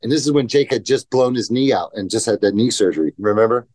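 A man's voice: fairly low pitch, fast talker, darkish tone, no echo. Rambling, profane man telling skate stories. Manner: rambling, profane, acts out quotes. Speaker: guest, professional skateboarder. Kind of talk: casual podcast interview, storytelling.

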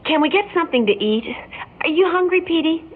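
An actress playing a quiet, weary young mother who speaks softly and hesitantly in an old radio drama. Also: very high-pitched, lively intonation, brisk. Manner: soft-spoken, hesitant. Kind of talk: 1950s radio drama acting. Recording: tinny old radio broadcast with faint hiss.

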